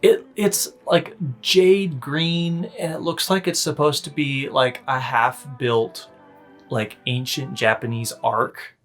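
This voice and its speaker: A man's voice: medium pitch, fairly even intonation, takes it slowly, fairly bright tone, faint music behind. A young man co-hosting a casual movie review chat, joking and briefly mocking characters in silly voices. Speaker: podcast co-host.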